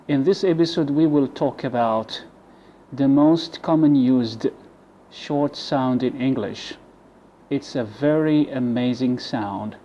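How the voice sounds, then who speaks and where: A man with an Egyptian accent teaching English pronunciation, carefully modelling words and letting his voice drop at the ends of phrases. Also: dark tone. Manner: slow, deliberate model words, drops low at phrase ends. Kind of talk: bilingual pronunciation lesson. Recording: dull lo-fi recording with faint noise.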